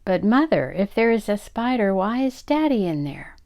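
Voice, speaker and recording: A stern, sensible little girl, as an older woman reader puts her on. She speaks firmly in a gravelly tone. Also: medium pitch, very animated, moderate pace, darkish tone, voice pushed up.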